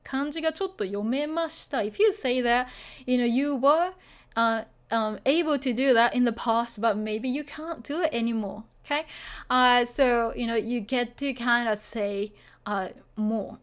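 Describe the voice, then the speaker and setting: A woman's voice: on the high side, normal speed. A woman teaching a beginner Japanese lesson, chatty and full of fillers, often checking that the learners follow.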